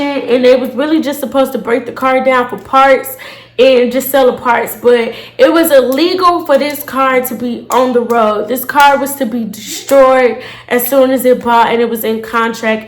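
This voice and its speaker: A young woman telling a storytime to her viewers in a casual, animated way, cursing freely and calling them y'all. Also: sits high, reverberant. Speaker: storytime vlogger.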